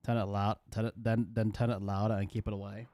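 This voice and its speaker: A young man streaming a game from his room, chatting in a flat, monotone way and restarting his sentences, with the mic pressed close to his mouth. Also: fairly low pitch, quick pace. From Australia. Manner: self-described monotone, rambling with many restarts. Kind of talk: casual live-stream chat. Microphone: desk mic held very close to the mouth. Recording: noisy stream audio with game sounds.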